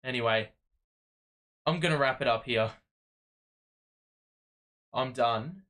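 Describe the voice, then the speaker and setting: A man's voice: mid-range voice, slow pace, pushed and bright. A man hosting a fan watch-party livestream, talking casually in a weary, frustrated way and rambling with frequent restarts.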